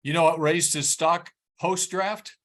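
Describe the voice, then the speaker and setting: A man co-hosting a casual football talk show, his voice sitting a little high. He quizzes the others with quick, teasing questions. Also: steady tone, fairly bright tone. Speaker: co-host.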